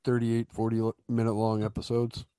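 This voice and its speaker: A man chats casually on a podcast, his voice mellow and dry. He talks loosely and fills the gaps with lots of "like". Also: lowish voice, monotone, normal speed, smooth, no echo. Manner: loose, filler-heavy talk. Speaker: podcast guest. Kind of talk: casual chat.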